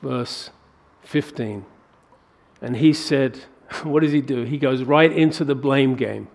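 A man preaching a sermon, working through a scripture passage with animated rhetorical questions. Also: mid-range voice, slow pace, gravelly. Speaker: pastor.

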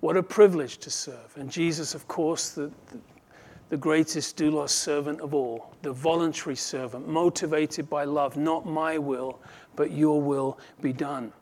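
An earnest male preacher delivers a sermon in a slightly higher-than-usual voice. He acts out short imagined conversations and sometimes restarts a word mid-thought. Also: steady tone, a little slow, a little mellow. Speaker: pastor.

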